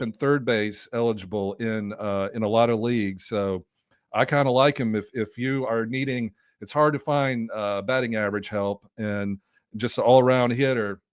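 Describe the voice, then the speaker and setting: A man's voice: medium pitch, dry recording. Male podcast guest, enthusiastic rambling delivery, dry sound. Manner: loose and enthusiastic, many fillers and restarts. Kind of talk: casual podcast chat.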